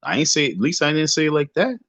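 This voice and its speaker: A man's voice: fairly high pitch, big pitch swings, fast talker, fairly bright tone, no room sound. A man hosting a casual livestream rant, talking emphatically and preachily, repeating his points and swearing freely. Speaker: livestream host. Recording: dull lo-fi dry sound.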